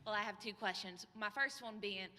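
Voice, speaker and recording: Young woman, student, polite hesitant questions, bright tone, hall echo. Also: medium pitch, a little fast. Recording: echoey hall.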